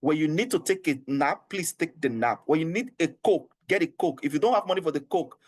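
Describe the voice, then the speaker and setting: A man with a Nigerian English accent runs an online HR training, his voice sitting a little on the high side. He coaxes and repeats himself earnestly. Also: expressive, a little fast. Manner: earnest, repetitive and coaxing, with frequent laughs.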